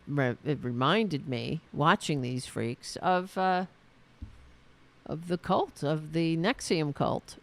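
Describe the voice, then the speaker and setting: A man hosting a solo political commentary show, ranting with sarcasm and profanity, often stopping and restarting his sentences. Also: on the high side. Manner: halting, with many restarts and fillers. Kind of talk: angry solo political rant.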